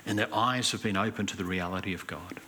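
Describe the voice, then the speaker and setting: A man's voice: deep voice, fast, a little hiss or hum. A male pastor delivering an earnest, emphatic sermon in a church. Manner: earnest, emphatic preaching with animated anecdotes. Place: church hall.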